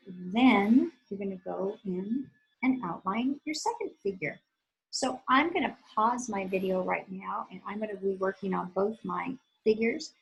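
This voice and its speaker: A woman's voice: medium pitch, gravelly, rough recording. A woman art teacher giving a patient, step-by-step drawing lesson for children, counting her strokes aloud as she works.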